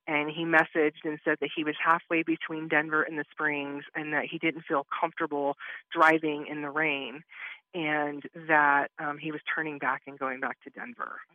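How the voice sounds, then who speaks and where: A woman's voice: low voice, moderate pace, no room sound. Woman telling her story over a muffled line. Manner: animated retelling, acts out quoted exchanges. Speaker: interview guest recounting her experience. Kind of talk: conversational storytelling.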